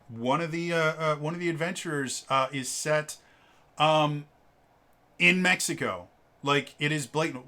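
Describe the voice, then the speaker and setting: A man giving a casual spoken review of a tabletop game book, halting with lots of fillers and stammered repeated sounds, opinionated and exasperated. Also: on the high side, sharp tone. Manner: opinionated, exasperated about stereotypes.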